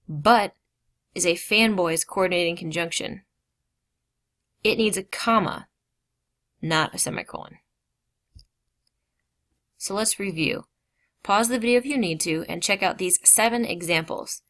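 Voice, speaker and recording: A woman's voice: fairly low pitch, a bit bright. Woman teaching a grammar lesson. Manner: explains slowly, stressing key words, with casual asides.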